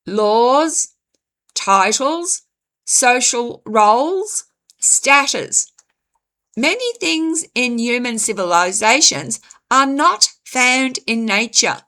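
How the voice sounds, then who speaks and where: Slow, bright-voiced woman musing aloud. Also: on the high side. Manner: measured, deliberate delivery with frequent pauses. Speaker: channel host reading her own essay. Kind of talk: slow reflective commentary narration.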